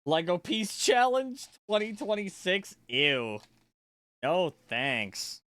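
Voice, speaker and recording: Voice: medium pitch, sing-song, slow, a bit bright, no room sound. A streamer chatting casually and playfully during a live build, swearing freely and rambling to the audience. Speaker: livestreamer. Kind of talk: casual livestream chat while building.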